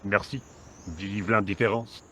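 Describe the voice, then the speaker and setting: A man's voice: fairly low pitch, fairly even intonation, unhurried, sharp tone, slight background noise. A man voicing a haughty French street painter with a French accent, huffy and indifferent.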